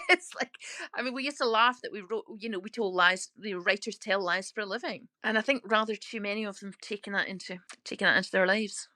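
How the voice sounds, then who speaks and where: A Scottish woman in her sixties talking in an interview, emphatic and outspoken with quick laughs. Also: mid-range voice, pushed and bright, no room sound. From Scotland. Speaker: interviewee, author turned lorry driver. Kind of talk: casual interview talk.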